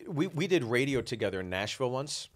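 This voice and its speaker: Male podcast co-host, easygoing and halting, mid-pitched, dry close-mic sound. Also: sing-song, no room sound. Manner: laid-back, halting, many restarts. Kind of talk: casual comedic chat.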